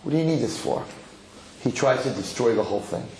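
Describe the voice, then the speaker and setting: A man giving a lively Torah lecture as a rabbi, acting out quotes and repeating himself as he talks. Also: medium pitch, fairly quick. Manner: animated, acts out quotes, repeats words. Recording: echoey hall with faint noise.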